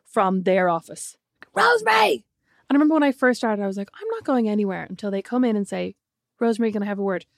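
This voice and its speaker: A woman co-hosting a podcast in casual chat, telling animated stories and swearing freely. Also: medium pitch, very fast, hardly any pauses, dry recording, clean studio sound. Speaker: podcast co-host.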